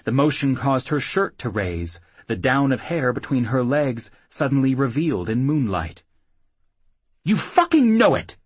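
Male audiobook narrator, husky, lively intonation, dry close read. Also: medium pitch, moderate pace, few pauses, no echo. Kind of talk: scripted narration.

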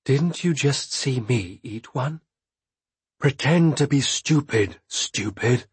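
A man's voice: mid-range voice, animated, slow pace, slightly rough, dry recording, full character voice. A man reading an audiobook, voicing a coaxing female jailer who whispers breathily to lure a child. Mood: sweetly insistent.

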